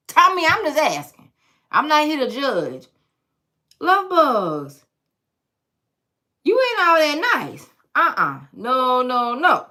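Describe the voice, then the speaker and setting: A woman with a bright, forceful voice reads tarot cards straight to her viewers, blunt and sassy. Her pitch swings up and down in a lively way, and she drops teasing, profane asides along the way. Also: slow pace, pauses often. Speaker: tarot reader. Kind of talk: casual tarot reading to viewers.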